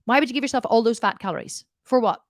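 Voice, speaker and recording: A woman's voice: on the high side, fast talker, no echo, studio quality. A woman diet coach answering viewer questions in a live Q&A, blunt and direct, often laughing and swearing jokingly.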